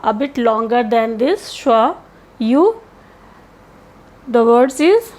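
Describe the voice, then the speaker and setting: Slow, high-voiced woman teaching vowels. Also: animated, darkish tone. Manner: slow, careful explanation with sounds spoken out. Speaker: English teacher. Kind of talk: pronunciation lesson.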